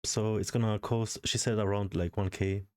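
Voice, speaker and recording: Low-voiced man ranting casually. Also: steady tone, moderate pace, clear, resonant tone. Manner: frustrated, profane ranting. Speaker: vlogger.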